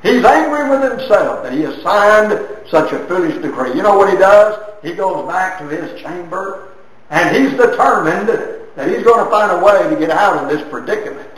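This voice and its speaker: A man preaching a sermon, retelling a Bible story with dramatic swings between soft and loud. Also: expressive, normal speed. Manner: dramatic storytelling with sweeping swings of pitch and loudness. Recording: very echoey hall from far off.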